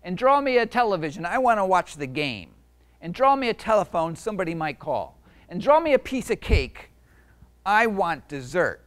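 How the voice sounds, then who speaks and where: A man's voice: sits high, big pitch swings, normal speed, voice pushed up. A man voicing a rude, hungry male monster that barks orders as he reads a picture book aloud. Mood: demanding. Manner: barking orders loudly.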